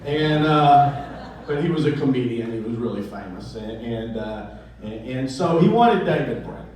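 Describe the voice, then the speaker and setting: At a memorial gathering hall, a comedy club owner gives a eulogy, telling stories and jokes in a rambling, halting way full of restarts. His mid-range, darkish voice is animated, recorded far from the mic with roomy echo and slight background noise.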